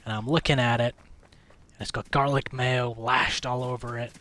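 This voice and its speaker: A man's voice: mid-range voice, flat delivery, moderate pace, bright, forceful tone. A man livestreaming a game late at night, telling a long rambling story in casual chat, swearing freely. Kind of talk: casual chat while gaming.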